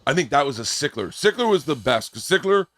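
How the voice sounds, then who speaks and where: A man in his forties hosting a podcast, chatting casually and loudly, swearing and laughing often. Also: on the high side, big pitch swings, a little fast, no echo, studio quality. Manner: loud, profane, laughs often. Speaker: podcast host. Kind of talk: casual chat. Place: podcast studio.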